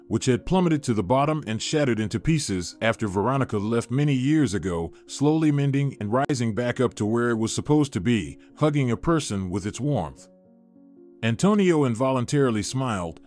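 A man narrating a scripted story in a measured storytelling manner, also voicing its characters. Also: medium pitch, darkish tone. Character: Antonio, a smitten man, calm and professional.

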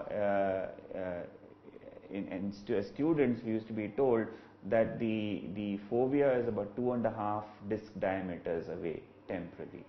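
A man, an eye doctor, giving a clinical webinar lecture in a measured, explanatory way with frequent "uh" fillers. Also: fairly low pitch, lo-fi sound. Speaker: ophthalmologist lecturer.

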